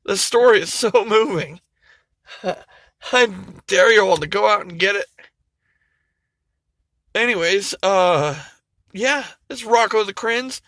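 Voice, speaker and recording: A man's voice: high-pitched, lively intonation, slow, long pauses, pushed and bright, no echo. A man vlogging, retelling a comic story in a rambling, emotional way, with frequent swearing and laughter. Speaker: YouTuber.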